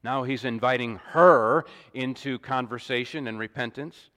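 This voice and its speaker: A man preaching an expository sermon in a measured, deliberate way, with emphatic rises and small restarts. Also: mid-range voice, a bit bright. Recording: long hall reverb.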